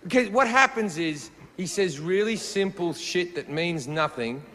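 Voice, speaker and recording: A man's voice: sits high, expressive, a little slow, pushed and bright. A man doing a stand-up routine, ranting with profane punchlines, recorded live. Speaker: stand-up comedian. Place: live comedy stage. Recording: live hall with crowd and noise.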